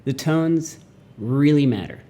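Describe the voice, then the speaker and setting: Youngish guy doing a chill mandarin lesson, mellow voice, animated and goofy. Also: on the high side, slow pace. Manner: animated, jokey, acts out mock voices. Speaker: language teacher. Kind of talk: casual video lesson.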